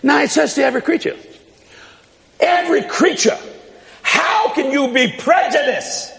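A man preaching with fiery emphasis, shouting points and repeating them for the congregation. His voice sits high and gravelly, rising and falling across a wide range. A long reverb trails each line, with a faint crowd behind him. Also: measured pace. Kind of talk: sermon.

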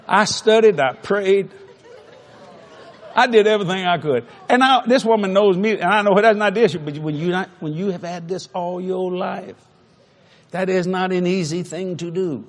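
A man's voice: sits high, normal speed. A man preaching a humorous sermon in a large auditorium, telling a folksy story and laughing through his words. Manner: animated, often laughing mid-sentence, folksy. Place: large auditorium before thousands.

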